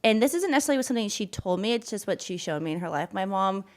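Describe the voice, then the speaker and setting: Animated and very fast, this young woman's mid-range voice carries her through a casual podcast she co-hosts. She talks warmly from the heart and gets emotional when speaking about her mom.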